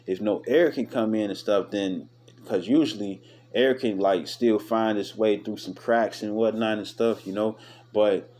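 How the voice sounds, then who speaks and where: A man giving casual scripture commentary, chatty and full of "you know what I'm saying", reading the verses aloud slowly and stumbling now and then. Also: fairly low pitch, fairly even intonation, a little mellow, a little hiss or hum. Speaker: Bible study teacher.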